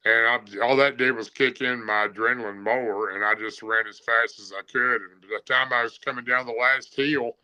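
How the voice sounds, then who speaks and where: Bright-voiced man telling a story. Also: mid-range voice, steady tone, moderate pace, hardly any pauses, smooth, rough recording. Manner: plain-spoken, rambling with fillers. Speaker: guest telling an encounter story. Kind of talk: casual storytelling.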